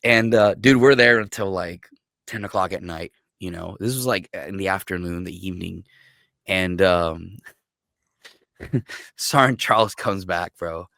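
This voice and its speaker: A man who is a military veteran, guest on a podcast, telling stories in a casual, profane, animated way and acting out what others said. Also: sits low, unhurried, gravelly, no echo, studio quality. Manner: profane, animated storyteller who acts out quotes. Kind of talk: casual storytelling.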